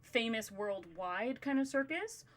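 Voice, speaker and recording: A woman's voice: on the high side, lively intonation, measured pace. A woman hosting a podcast in casual chat, talking in loose, rambling runs and laughing often. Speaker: podcast host.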